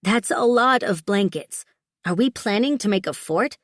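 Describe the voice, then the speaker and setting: A woman's voice: mid-range voice, animated, normal speed, dry recording, studio quality, close to an everyday voice. A woman voicing a young heroine in an audiobook, light, teasing and questioning. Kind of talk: audiobook character voice.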